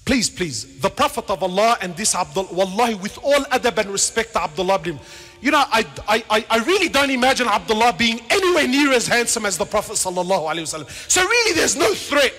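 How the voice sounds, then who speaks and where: Impassioned high-voiced male preacher. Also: sing-song, quick pace. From Lebanon. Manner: impassioned, swings between shouting and quiet asides; peppers speech with Arabic words and casual slang. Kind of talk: passionate sermon. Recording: reverberant hall.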